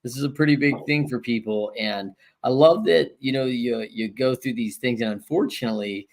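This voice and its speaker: A man's voice: mid-range voice, moderate pace. A man hosting an interview, reflecting on his guest's story and affirming it. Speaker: host, coach. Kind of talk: casual interview talk.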